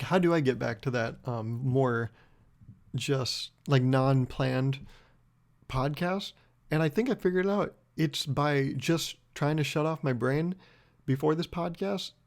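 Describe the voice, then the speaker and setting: A young man telling a story on his own solo podcast rambles in a profane, self-mocking way. His medium-pitched voice is a little mellow, with vocal fry.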